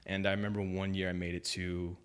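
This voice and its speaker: A young man telling a story on a podcast in casual chat, animated, acting out other people's lines. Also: sits low, fast talker, smooth. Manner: animated storyteller, acts out quoted voices, lots of "like" and "man". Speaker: podcast guest.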